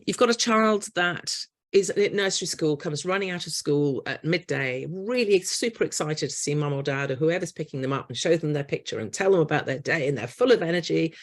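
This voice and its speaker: Gravelly-voiced woman telling a story. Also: low-pitched. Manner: warm storyteller acting out voices of parents and children. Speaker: trauma therapist giving a workshop talk. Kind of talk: storytelling workshop talk.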